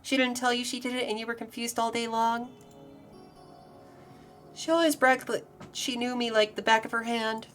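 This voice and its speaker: A fond, teasing woman from a visual novel game, voiced by a woman streamer reading aloud. She reminisces in a brighter, amused, fairly high voice. Faint music sits behind her. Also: steady tone, moderate pace, pauses often, close to an everyday voice.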